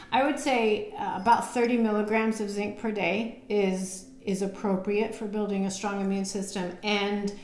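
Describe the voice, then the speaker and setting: A woman's voice: medium pitch, a little mellow, roomy sound. A woman nutrition coach giving casual on-camera health advice, chatty, with many fillers and laughs at herself. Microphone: camera mic.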